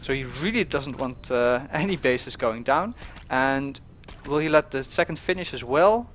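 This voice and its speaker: A man's voice: medium pitch, expressive, normal speed, fairly bright tone, slight background noise. A man giving casual commentary on a strategy game match, with lots of fillers, restarts and small chuckles. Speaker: game caster.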